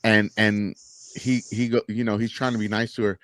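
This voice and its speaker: A man's voice: on the low side, fairly even intonation, moderate pace, a bit bright, no echo, studio quality. A man co-hosting a podcast, chatting casually about a TV episode and animatedly acting out the scene's dialogue. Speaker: podcast co-host. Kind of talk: casual TV review chat.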